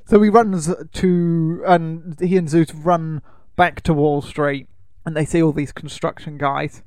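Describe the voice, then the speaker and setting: A man's voice: a little high, steady tone, measured pace, darkish tone, smooth, no echo, studio quality. A man co-hosting a podcast, recapping a film in a rambling, casual way, full of fillers and laughter. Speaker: podcast co-host.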